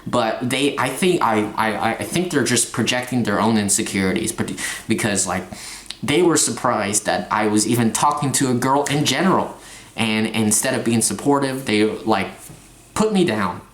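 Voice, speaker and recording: A young man in a confessional vlog rant, talking in halting bursts with stumbling restarts and frequent swearing. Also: mid-range voice, expressive, reverberant. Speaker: vlogger. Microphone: phone.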